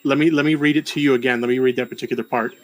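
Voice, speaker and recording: A man's voice: medium pitch, fairly even intonation, a crowd in the background. A man co-hosting a stream debate who insists on reading out a definition and repeats himself to hold the floor. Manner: insistent, reads a text out deliberately and repeats himself.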